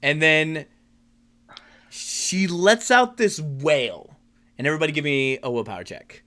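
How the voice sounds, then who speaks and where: A man's voice: on the high side, animated, measured pace, bright, forceful tone. A man narrating as game master of a tabletop role-playing game, rambling with many restarts and fillers.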